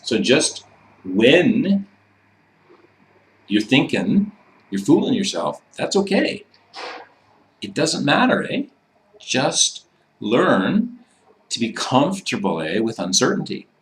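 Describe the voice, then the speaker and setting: A man's voice: medium pitch, very animated, slow, pauses often. A man teaching in a loose, casual way, swearing freely and ending many sentences with "eh". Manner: loose and profane, tags sentences with "eh". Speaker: instructor. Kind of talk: casual instructional talk.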